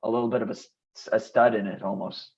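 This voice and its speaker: Man, podcast co-host, relaxed recap, steady, muffled lo-fi mic. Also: fairly low pitch, fast talker, gravelly. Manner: relaxed, steady retelling with fillers. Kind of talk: casual recap chat.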